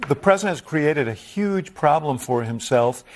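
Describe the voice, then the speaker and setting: A man giving measured, deliberate political analysis as a guest, sometimes restarting his phrases. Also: on the high side, lively intonation, a little hiss or hum.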